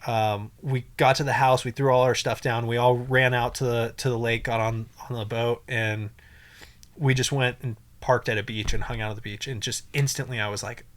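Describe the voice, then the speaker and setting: A man's voice: medium pitch, steady tone, normal speed. Rambling, emotional young man. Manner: rambling, emotional, many fillers and restarts. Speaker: podcast guest. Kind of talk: casual storytelling.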